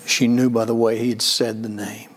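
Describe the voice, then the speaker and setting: A man preaching a sermon in an earnest way, slowing down for emphasis and swinging from soft to loud. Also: medium pitch, flat delivery. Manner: earnest, slows down for emphasis, rises and falls in loudness. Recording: long hall reverb.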